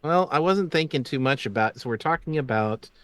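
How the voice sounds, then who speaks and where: A man who runs the game, chatting casually on the show in a relaxed, joking way that trails off. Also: medium pitch, brisk, no echo. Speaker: game master and co-host. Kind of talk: casual chat.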